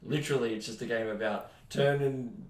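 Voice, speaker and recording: Laughing podcast host in a roomy room. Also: male voice, mid-range voice, brisk, far from the mic. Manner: laughing, animated storytelling. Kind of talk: casual chat.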